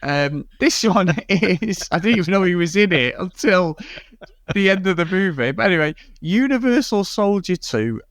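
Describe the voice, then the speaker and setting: A man with a fairly high voice that swoops up and down, sounding close and dry on a podcast mic. He chats casually as co-host, teasing and playful, cursing often. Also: moderate pace, no room sound. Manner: teasing, animated, swears. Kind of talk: casual chat.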